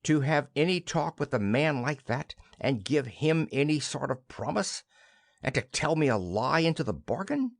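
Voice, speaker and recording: A man's voice: on the high side, very animated, normal speed, gravelly, no echo, clean studio sound, heavily acted. A man voicing a patronizing middle-aged husband who scolds and talks down to his wife. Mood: scolding. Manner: scolding, condescending.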